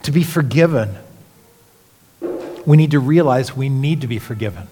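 A man preaching a sermon as pastor, earnest, dropping to hushed lines and then rising with emphasis. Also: medium pitch, expressive, normal speed, slight background noise. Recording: long hall reverb.

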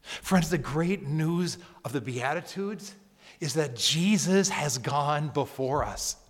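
Pitched on the high side with lively intonation, a pastor preaches a slow, emphatic sermon in a church sanctuary. His voice drops to near-whispers and rises to loud calls, all wrapped in long hall reverb.

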